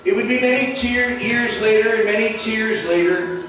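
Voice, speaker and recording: High-voiced older man telling a story in an echoey church. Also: a bit bright. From Philadelphia, USA. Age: 60s. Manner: deliberate, dramatic pauses, acts out quoted voices. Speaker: gospel singer and speaker. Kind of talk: dramatic storytelling testimony. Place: large stone church. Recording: echoey church from far off, faint music.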